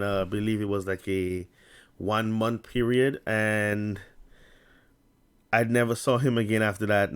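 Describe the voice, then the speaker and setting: A man's voice: lowish voice, clean tone. Man with a stutter and a lisp. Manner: halting, with frequent restarts and tongue-tied slips. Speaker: vlogger. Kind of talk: casual talk to camera, reading an article aloud.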